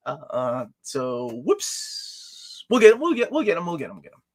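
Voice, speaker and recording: A man's voice: on the high side, wildly swooping pitch, normal speed. A man hosting a casual live-stream chat, joking and playful as he talks. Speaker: host.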